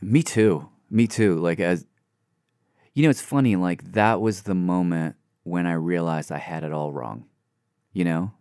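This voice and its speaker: A low, clear, resonant, slightly mellow male voice from Nashville, Tennessee, speaks at a measured pace with studio-quality sound and no echo. He is a series creator guesting in a reflective, conversational interview, earnest and musing with many fillers.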